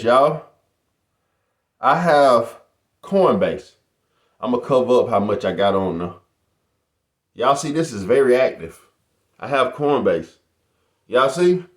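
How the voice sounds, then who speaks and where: A middle-aged man talks straight to his viewers in a casual home vlog. His pitch swings widely as he boasts and hypes up his audience, and the room gives his voice a noticeable echo. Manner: animated, boastful, addresses viewers as "y'all". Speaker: YouTuber.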